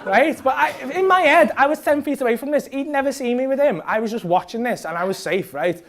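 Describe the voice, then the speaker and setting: A Scouse comedian on a club stage, spinning a sweary night-out story with lots of energy. His voice sits notably high for a man, and he slips into the other people in the story as he goes. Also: expressive, a little fast, a bit bright. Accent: Liverpool. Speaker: stand-up comedian. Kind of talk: stand-up storytelling.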